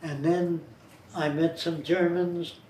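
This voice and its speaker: A man's voice: on the high side, flat delivery, takes it slowly, darkish tone. An older man being interviewed, telling blunt, rambling life anecdotes. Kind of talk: biographical storytelling. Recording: roomy, distant, faint noise.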